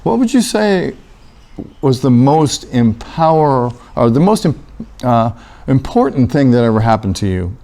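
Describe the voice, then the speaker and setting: Slow-talking pastor asking questions. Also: male voice, mid-range voice, sing-song. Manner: gentle, probing questions. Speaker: pastor interviewing a guest. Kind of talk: church talk interview.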